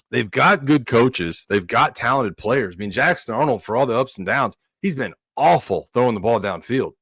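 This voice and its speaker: A man's voice: medium pitch, moderate pace, few pauses, husky, dry recording, clean studio sound. A man, a former college offensive lineman, telling stories in a casual sports podcast chat, acting out quotes and saying "dude" often. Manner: animated storyteller, acts out quotes, says "dude" often.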